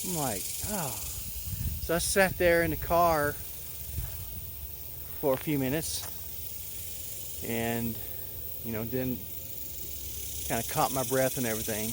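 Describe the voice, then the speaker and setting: A man in his thirties telling a personal story in a casual, halting way, with many fillers and restarts. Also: mid-range voice, lively intonation, noisy background. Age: 30s.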